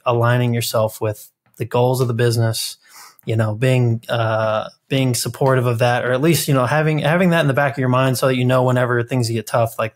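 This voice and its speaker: Man, podcast co-host, casual chat, thoughtful, filler-heavy, middle pitch. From Kentucky. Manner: thoughtful, rambling explanations with many fillers.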